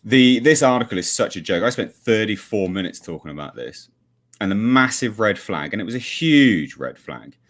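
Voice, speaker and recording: A man with a lowish voice that swings widely up and down as he rants. His commentary is blunt, sarcastic and full of swearing. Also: animated, moderate pace, fairly bright tone. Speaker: regular panelist. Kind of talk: heated livestream commentary.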